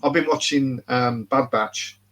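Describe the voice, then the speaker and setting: A man's voice: mid-range voice, unhurried, fairly bright tone, a little hiss or hum, rough recording. A man in casual podcast chat, rambling and repeating words as he talks. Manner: rambling, repeats words, laughs at his own jokes. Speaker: podcast guest.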